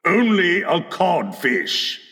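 A man's voice: on the high side, wildly swooping pitch, slow, vocal fry, sharp tone, big-room sound, full character voice. A man voicing a cheeky boy who mockingly imitates a blustery pirate captain, in a storybook reading.

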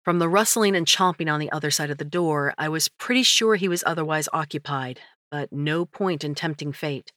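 Low-voiced woman narrating a story. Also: moderate pace, few pauses, a bit bright, no room sound, clean studio sound. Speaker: audiobook narrator. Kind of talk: scripted first-person narration.

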